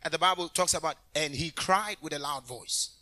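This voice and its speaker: A male minister preaches an animated sermon, breaking into shouts and addressing the congregation directly. His voice is on the high side and a little fast.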